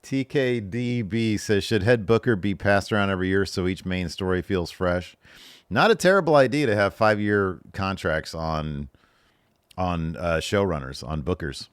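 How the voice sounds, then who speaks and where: A man in his thirties hosts a casual solo podcast Q&A, reading viewer questions aloud and answering them in a loose, joking manner. His voice is low and clean at a normal speed, recorded dry with clean studio sound.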